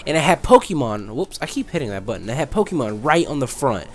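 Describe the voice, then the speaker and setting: A man's voice: medium pitch, lively intonation, very fast, few pauses. A young man in his twenties telling a rambling childhood story while commenting on a game he plays, often losing his track mid-sentence. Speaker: let's play host. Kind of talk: casual gameplay commentary with storytelling.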